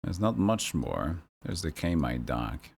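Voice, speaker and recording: A man streaming a video game, muttering his thoughts aloud in a relaxed way. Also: extremely low pitch, slow, vocal fry, slightly rough.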